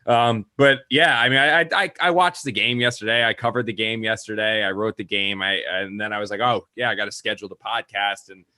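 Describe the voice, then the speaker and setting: A young man co-hosts a casual sports podcast from a video call. He talks fast, with a bright, tense edge to his voice. He rambles, laughs easily and trips over repeated words. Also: fairly low pitch, no echo, studio quality. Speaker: podcast co-host, sports writer. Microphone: remote video call.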